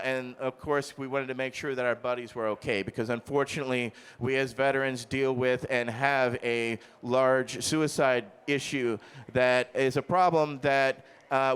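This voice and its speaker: A veteran man gives closing remarks to an audience, halting and filling his pauses. His voice is exceptionally smooth and resonant, at a middle pitch. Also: fairly bright tone. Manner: hesitant, many uh fillers. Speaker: veteran advocate, speaker. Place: expo hall stage.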